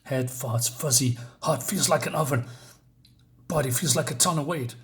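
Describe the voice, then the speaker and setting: A man's voice: medium pitch, moderate pace, fairly bright tone, lightly acted. A man voicing an earnest, resolute adult male superhero in dramatic inner monologue.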